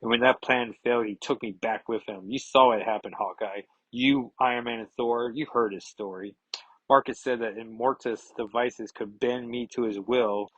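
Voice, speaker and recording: A man reading aloud the lines of a grieving, angry woman superhero, with a husky voice. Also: mid-range voice, no echo, lo-fi sound, lightly acted.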